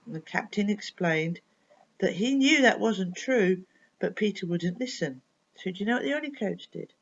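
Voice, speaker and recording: A woman's voice: mid-range voice, animated, moderate pace, creaky. A woman telling a children's story expressively, asking her listener questions along the way. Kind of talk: bedtime story reading for children. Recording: dull lo-fi recording.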